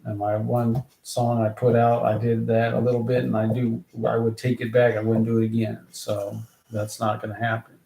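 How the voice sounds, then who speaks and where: A man, a rapper, thinking aloud to himself in halting bursts while writing song lyrics. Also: mid-range voice, completely flat delivery, vocal fry, mellow. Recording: roomy echo, faint background noise.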